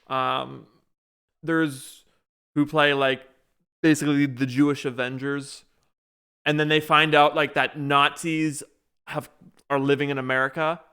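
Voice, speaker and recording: A young man rambles through a story on a casual podcast, restarting his sentences and padding them with fillers. His voice is bright and smooth and sits a little high. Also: little pitch movement, measured pace, long pauses. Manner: rambling, many restarts and fillers while retelling a show. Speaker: podcast co-host. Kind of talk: casual chat.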